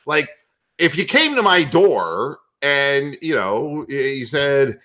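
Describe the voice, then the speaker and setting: A man with a high, lively voice rants about football in a loud, profane, comedic way. His tone is bright and cutting, and he swings up and down in pitch as he works himself up. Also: slow pace. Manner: loud, profane, animated ranting. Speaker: podcast host. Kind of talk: ranting comedic sports talk.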